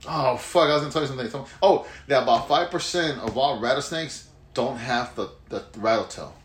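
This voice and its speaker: A man's voice: mid-range voice, brisk, slight background noise. A man from Houston telling rambling stories in casual, profane chat. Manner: rambling storyteller, profane, laughs a lot. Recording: echoey room with faint ambience.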